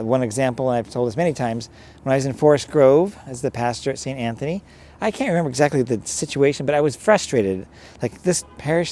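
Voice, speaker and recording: Priest, mid-pitched, conversational and rambling, reflection recorded outside with faint traffic. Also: male voice, a little mellow. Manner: conversational, rambling, direct address to listeners. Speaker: priest, pastor. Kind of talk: reflective sermon-style talk.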